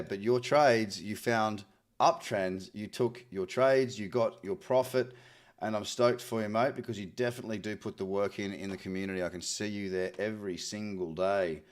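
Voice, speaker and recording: An Australian man hosting a live trading stream, chatting in an upbeat way, often repeating words and answering viewers. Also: fairly low pitch. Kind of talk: live chart scan with chat replies.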